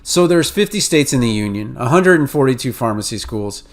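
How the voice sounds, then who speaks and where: A man's voice: mid-range voice, animated, a little fast. Man, New England accent, podcast host, casual explainer, filler-heavy talk. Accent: New England and Mid-Atlantic. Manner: conversational, many fillers and restarts. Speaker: podcast host advising pharmacy students.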